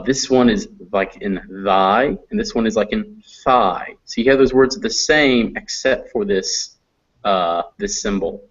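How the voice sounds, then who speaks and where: An American man teaching phonetics in a classroom lecture, slowly drawing out example sounds. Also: on the low side. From United States. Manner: slow, drawn-out demonstration of sounds. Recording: dull lo-fi classroom recording.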